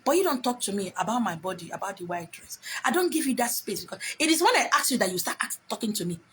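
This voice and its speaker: A woman's voice: mid-range voice, very animated, fast talker, a bit bright, a little hiss or hum. A middle-aged Nigerian woman talking to camera, bluntly scolding her viewers with bits of pidgin mixed in. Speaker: vlogger. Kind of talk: talking to camera, advice rant.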